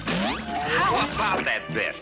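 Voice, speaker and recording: A man voicing an excitable cartoon race announcer, calling the action with breathless exclamations. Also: mid-range voice, slow. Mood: excited. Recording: old cartoon clip with music.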